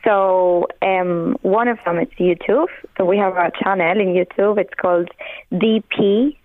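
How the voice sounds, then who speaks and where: A woman's voice: mid-range voice, steady tone, measured pace, dry recording. Woman guest calling in, tinny phone sound, lots of um's. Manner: helpful, many fillers. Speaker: radio guest. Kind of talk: interview answers. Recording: phone line.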